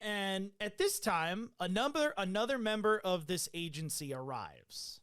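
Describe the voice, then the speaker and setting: A man's voice: high-pitched, expressive, a little slow, fairly bright tone, clear, resonant tone. A man telling a profane call story. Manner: loose, profane storytelling with many fillers. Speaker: podcast host. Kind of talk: casual chat, recounting a call.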